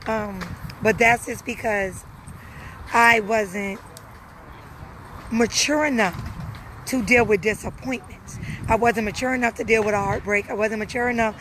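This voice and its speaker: A woman's voice: a little high, fairly even intonation, a little slow, pauses often, fairly bright tone, a little hiss or hum, poor audio. Earnest woman talking straight to viewers. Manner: earnest, repeats phrases for emphasis. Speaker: live streamer answering viewers. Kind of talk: casual personal talk.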